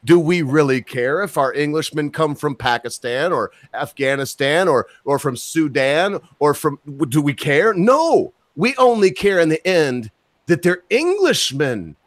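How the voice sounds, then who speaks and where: Rambling man with a higher voice. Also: sing-song, unhurried, dry recording. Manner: rambling, profane, loses his train of thought. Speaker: podcast host. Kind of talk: casual opinionated chat.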